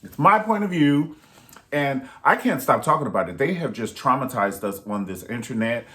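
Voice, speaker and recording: A man's voice: medium pitch, animated, a bit bright. Sassy man with a swooping voice. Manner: sassy, profane, rambling, quick asides. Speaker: gossip commentator. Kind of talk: unscripted gossip commentary vlog.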